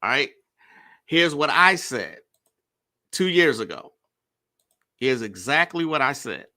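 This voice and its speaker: A man commenting casually to viewers, speaking slowly and simply on purpose, repeating points and checking that viewers follow. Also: mid-range voice, big pitch swings, pushed and bright. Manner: deliberately slow and simple.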